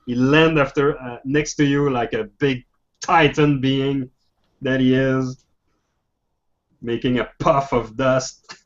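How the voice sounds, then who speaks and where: A man's voice: mid-range voice, fairly even intonation. Man running a tabletop game, lo-fi sound. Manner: halting, many restarts and fillers. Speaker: game master. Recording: dull lo-fi voice chat audio.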